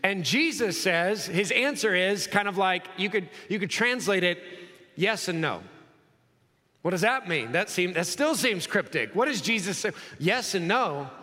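A man preaching an expository sermon in a bright, high voice. He acts out the scenes in quick dialogue, then drops low and slow to press a point. His words ring out with a long hall reverb. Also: animated. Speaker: pastor.

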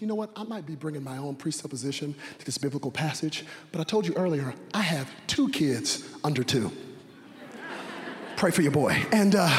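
A young man preaching a sermon, animated, asking rhetorical questions, shouting at the peaks and dropping quiet in between. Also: a little high. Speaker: pastor. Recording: long reverb of a large hall.

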